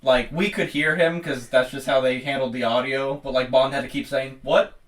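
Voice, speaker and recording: A man co-hosting a casual movie podcast, thinking aloud in halting phrases. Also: medium pitch, steady tone. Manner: musing, halting, many "like" fillers. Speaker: podcast co-host. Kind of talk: casual movie review chat.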